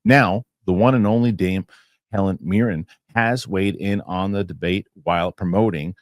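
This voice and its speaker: Deep-voiced man hosting a podcast. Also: normal speed, dry recording, studio quality. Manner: reads news items aloud, then chats. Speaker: podcast host. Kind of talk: casual podcast chat.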